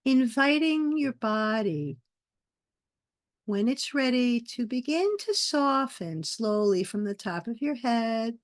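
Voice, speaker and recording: Slow, soft-spoken woman guiding meditation. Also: a little high, animated, no room sound, clean studio sound. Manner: slow, soft, soothing guidance with pauses. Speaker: meditation teacher. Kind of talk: guided meditation class.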